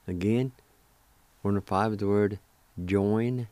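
A man's voice: fairly low pitch, steady tone, slow, long pauses, dark tone, no echo. A man hosting a radio language lesson, patiently spelling and sounding out words syllable by syllable. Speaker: radio host teaching a language.

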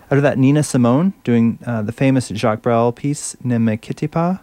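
A man's voice: mid-range voice, normal speed, warm tone, no echo. A male radio host chatting casually between songs, enthusiastic and fumbling a little over French words.

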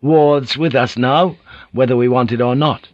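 A man's voice: medium pitch, fairly even intonation, unhurried, no room sound, pitched above the performer's own voice, natural voice. A man voicing a tense, stern male samurai officer who speaks in a clipped, insistent way. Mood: friendly. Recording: dull lo-fi audiobook recording.

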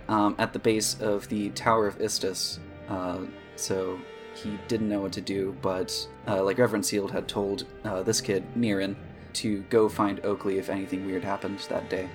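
Guy game master, chill narration, lots of ums, soft music behind. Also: lowish voice. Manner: relaxed, hesitant with fillers.

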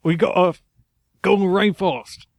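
Brief: female cartoon macaw, hesitant, raised gravelly voice, played by a man. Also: high voice, normal speed, pitched above the performer's own voice. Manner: hesitant, filler-heavy. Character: fussy female macaw, mildly anxious. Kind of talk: improvised comedy skit.

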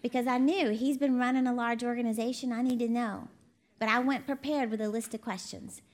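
A woman's voice: on the high side, fairly even intonation, a little fast, a little mellow. A woman preacher, giving a conversational sermon in a chatty, folksy storytelling manner, laughing often. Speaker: ministry CEO and preacher.

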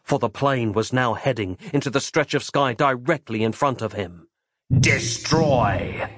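A man narrating a horror audiobook in a dramatic, measured reading. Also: mid-range voice, fairly bright tone, dry recording, studio quality.

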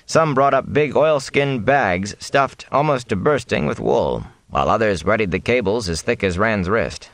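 A man reads a novel aloud in a very deep voice, swinging his pitch widely as he tells the story. The sound is dry and close, with no room around it. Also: lively intonation, normal speed, vocal fry, few pauses, no echo. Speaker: audiobook narrator. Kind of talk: scripted narration.

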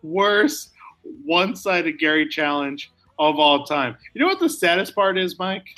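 Bright, excitable man co-hosting a podcast. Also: high-pitched. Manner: excitable, laughs often, quick asides. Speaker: podcast co-host. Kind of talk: casual podcast chat about wrestling.

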